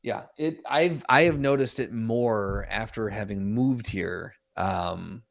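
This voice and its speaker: A man's voice: on the low side, slow, vocal fry, dry recording, studio quality. A man co-hosting a podcast, speaking thoughtfully with frequent restarts and brief agreements. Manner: thoughtful, hesitant, many restarts and backchannels. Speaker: podcast co-host. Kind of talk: casual chat.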